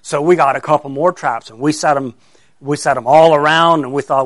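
A man's voice: fairly high pitch, steady tone, fairly quick, a bit bright, no echo. A middle-aged man, a pastor telling a story to children and asking them questions as he goes. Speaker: pastor giving a children's sermon.

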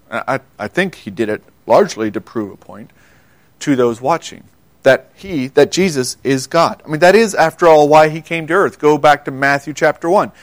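A man preaching a sermon, earnest, asking his listeners questions, dropping quiet for quoted words and often repeating words as he goes. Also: fairly high pitch, no echo. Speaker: pastor.

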